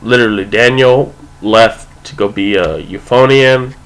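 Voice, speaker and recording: Rambling young man, lowish voice. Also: unhurried, smooth, rough recording. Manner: rambling, filler-heavy, profane, with lots of "like" and "you know". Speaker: storyteller. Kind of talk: casual rambling anecdote.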